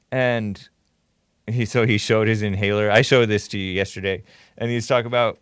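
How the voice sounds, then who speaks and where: A man's voice: on the low side, normal speed, dry recording, clean studio sound. A man hosting a live call-in commentary show, talking casually and sarcastically as he thanks viewers. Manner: thanks viewers and reads donations aloud.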